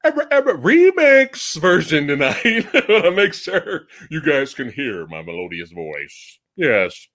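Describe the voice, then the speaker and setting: A man in his forties chats casually with his stream audience, laughing often between remarks. His voice sits a little high and swings widely in pitch. He talks into a headphone mic at home. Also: very animated, unhurried, few pauses, a bit bright. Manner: laughs often, chatty with chat. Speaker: host. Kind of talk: casual livestream chat. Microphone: headphones or earbuds mic.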